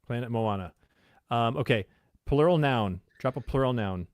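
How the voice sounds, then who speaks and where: A man co-hosts a casual podcast livestream built around a word game, hesitating with lots of ums and laughing often. His medium-pitched voice is animated at normal speed, captured in clean studio sound with no echo.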